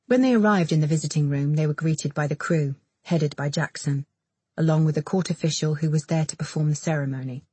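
A woman narrating an audiobook in a measured, intimate read. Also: low-pitched, mellow, slightly rough, no echo. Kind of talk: scripted narration.

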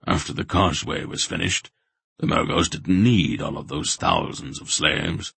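A man voicing a cautious, gruff old man who leads the group, speaking low, terse and matter-of-fact. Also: moderate pace, fairly bright tone, no room sound, heavily acted. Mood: quiet, grave.

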